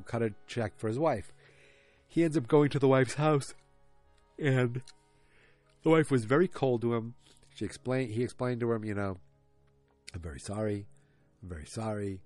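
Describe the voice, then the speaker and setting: With a lowish, darkish voice, a podcast host gives a rambling, jokey recap of an episode, full of asides and self-interruptions.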